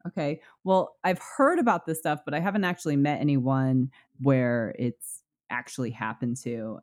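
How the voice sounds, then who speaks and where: A woman co-hosting a podcast, talking in a relaxed, conversational way. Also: very deep voice. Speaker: podcast co-host. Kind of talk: casual chat.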